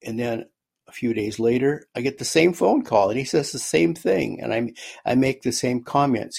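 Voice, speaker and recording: A man, a guest author in an interview, recounting a personal story in a halting way, often repeating words as he goes. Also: mid-range voice, lively intonation, vocal fry, darkish tone, husky.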